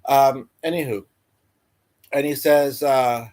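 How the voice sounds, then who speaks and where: A man's voice: medium pitch, normal speed. A man hosting a casual livestream, telling a meandering everyday story full of fillers and restarts. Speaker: livestream host. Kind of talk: rambling casual livestream chat.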